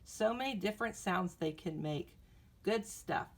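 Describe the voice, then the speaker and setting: A woman's voice: mid-range voice, expressive, measured pace. A woman teaching a recorded phonics lesson to young children, upbeat and coaxing, asking the kids questions, recorded on a phone. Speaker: elementary teacher.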